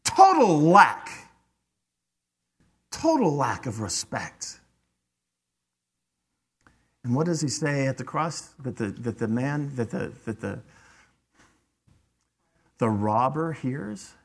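A man's voice: mid-range voice, lively intonation, slow, gravelly, long pauses, breathy edge. A man preaching a sermon as a pastor, emphatic and often repeating words as he drives a point home. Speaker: father.

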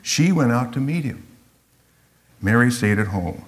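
A man's voice: mid-range voice, animated, measured pace, pauses often. A man teaching through a Bible passage verse by verse, reflective and explanatory, sometimes acting out the quotes.

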